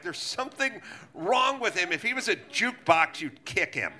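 A man hosting a live comedy podcast, ranting in a profane, animated way. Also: high voice, unhurried, crowd noise, background noise. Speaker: podcast host.

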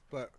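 A man in a casual group chat, skeptical and questioning, thinking his points through aloud. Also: a little hiss or hum. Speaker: podcast co-host and former wrestler.

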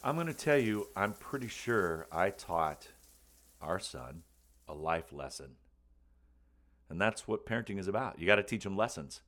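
A man with a lowish voice telling a funny story from his own life. He talks in a lively, playful way and jumps into the voices of the people in it. It is loose, spoken storytelling. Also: normal speed. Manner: animated, acts out voices and screams for comic effect. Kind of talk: comic personal storytelling.

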